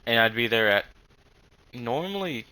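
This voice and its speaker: Rambling young man, bright tense voice. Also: medium pitch, lively intonation, poor audio. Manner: halting, swears a lot, many fillers. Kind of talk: casual rambling storytelling.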